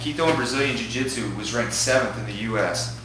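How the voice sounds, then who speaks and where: A man teaching a jiu-jitsu class in a lively, profane way, acting out his students' thoughts. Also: medium pitch, brisk, noisy background. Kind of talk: animated talk to a class. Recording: echoey room from a distance.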